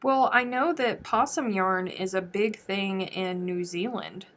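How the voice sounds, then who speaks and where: A woman's voice: medium pitch, unhurried, a bit bright. A woman from the United States hosting a crochet livestream, chatting casually and thinking aloud as she answers viewer comments. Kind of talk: casual livestream chat while crafting.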